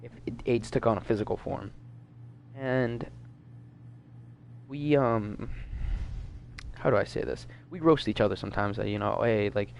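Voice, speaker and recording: A man's voice: fairly low pitch, measured pace, creaky, long pauses, a little hiss or hum. A man of nineteen from the Washington DC area telling a casual story in a rambling, profane way, full of fillers. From Washington DC metro area, US. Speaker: gaming vlogger.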